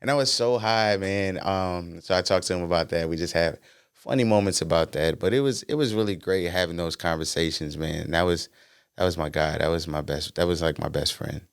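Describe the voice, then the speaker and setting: A man with a low, smooth voice, talking as a podcast guest. He tells stories in a relaxed, slangy way with plenty of easy fillers. The sound is dry and close. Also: fairly quick, no room sound. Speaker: guest, R&B singer-songwriter. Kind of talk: casual podcast conversation.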